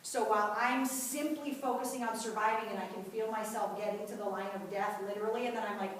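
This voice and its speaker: A woman's voice: mid-range voice, fairly even intonation, fast, few pauses, slight background noise. A woman giving a personal testimony to a group, telling the story vividly and acting out the voices of the people in it. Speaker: guest speaker at a mothers' group. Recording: echoey room, voice from far off.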